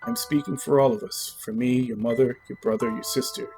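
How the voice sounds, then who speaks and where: A man voicing a calm, gentle man who speaks softly and slowly. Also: medium pitch, gravelly, faint music behind, lightly acted. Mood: tender. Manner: soft, hushed and slow.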